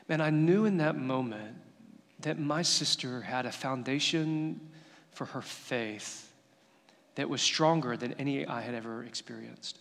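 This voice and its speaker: A man's voice: mid-range voice, a little slow, a bit bright, big-room sound. A male pastor giving a sermon, telling stories in an earnest, conversational way.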